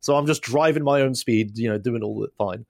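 A young man telling a rambling, animated story on a casual podcast. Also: mid-range voice, a little fast, vocal fry, a little hiss or hum. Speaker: podcast host.

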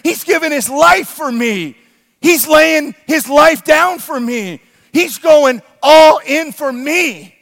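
A man voicing Jesus as an overjoyed fan, shouting and cheering in a sermon. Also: very high voice, takes it slowly, creaky, in a large hall, voice pushed up, full character voice. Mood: awed, exultant. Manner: shouting, ecstatic. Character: jubilant Jesus cheering wildly from the crowd.

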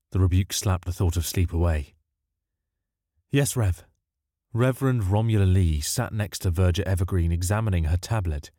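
A man narrating a story in a calm, measured, dryly wry way. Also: low voice, no echo, clean studio sound. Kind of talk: audiobook narration.

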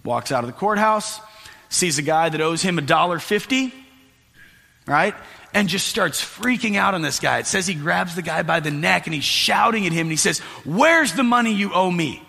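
A man preaching a sermon as pastor, telling a story in an animated way with voiced asides. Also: on the high side, moderate pace, vocal fry. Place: church sanctuary. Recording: echoey hall with long reverb.

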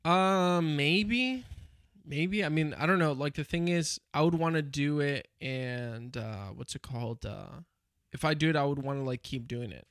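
A man's voice: fairly high pitch, a little slow, fairly bright tone, no echo, studio quality. A young man in casual podcast chat, telling stories in a rambling way with lots of fillers and restarts.

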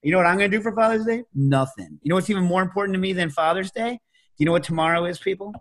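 A middle-aged man hosting a casual chat, telling stories with lively energy and jumping into loud, high-pitched imitations. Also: very fast. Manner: animated storyteller, leaps to high shouted imitations. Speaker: podcast host.

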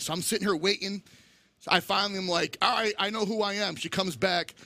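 Middle-aged man, high and gravelly, bright tone; lively guest storyteller who acts out the voices. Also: fast, no echo. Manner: animated storyteller acting out quoted voices. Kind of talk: casual storytelling chat.

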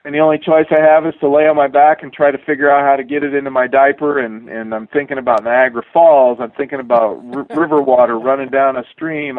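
A middle-aged man, a former astronaut, telling a relaxed, wry anecdote with a dry sense of humor and many fillers. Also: medium pitch, no echo. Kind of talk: storytelling anecdote. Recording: tinny dry phone-like line.

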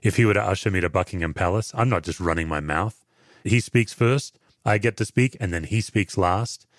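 An Australian man, a pastor and former chaplain, giving earnest, measured answers in an interview. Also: low-pitched, no echo, studio quality.

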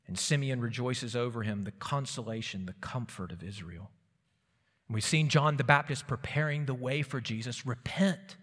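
A man's voice: mid-range voice, fairly bright tone. A man preaching an earnest expository sermon, quoting scripture with emphasis. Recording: long reverb of a large hall.

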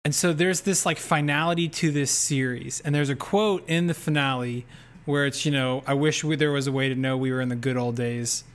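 A man's voice: medium pitch, steady tone, a little fast. A young man in casual podcast chat, reflective, with many filler words. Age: young adult. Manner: reflective, filler-heavy talk. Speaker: podcast co-host.

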